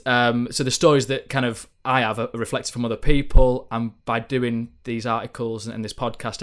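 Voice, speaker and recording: Man, sports journalist, casual podcast chat, rambling storyteller. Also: mid-range voice. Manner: rambling storytelling with many fillers and restarts. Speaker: football journalist.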